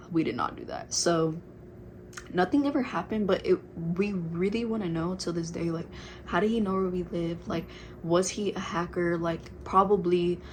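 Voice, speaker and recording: A woman's voice: lowish voice, moderate pace, darkish tone, slight background noise. A young adult woman telling a casual storytime to her viewers, chatty and full of fillers, calling them girl. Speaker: vlogger.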